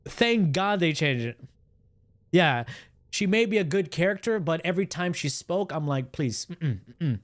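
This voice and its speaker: A man livestreaming and reacting in a casual chat, animated and profane, with his pitch swinging up and down. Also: normal speed, no room sound, clean studio sound.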